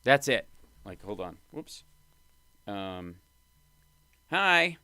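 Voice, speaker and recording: A man hosting a live stream, reacting to clips with wry, excitable commentary. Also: on the low side, extremely slow, clear, resonant tone, no echo. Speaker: host.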